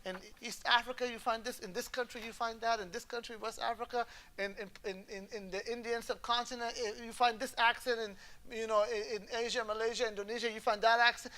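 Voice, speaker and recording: A man teaching Islamic law in a relaxed classroom lecture, his voice bright and forward. He explains step by step, drops in Arabic terms and checks that the students follow. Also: very high voice, a little fast. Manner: explains patiently, often checks the class understands; moves easily between English and Arabic terms.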